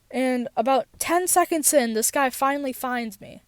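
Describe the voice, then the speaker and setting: Teenage girl, clear smooth voice, dry close sound, rambling casual storytelling, lots of fillers. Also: high voice, unhurried, no echo. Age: teens. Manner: rambling, many fillers and restarts. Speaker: podcast host. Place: parked car.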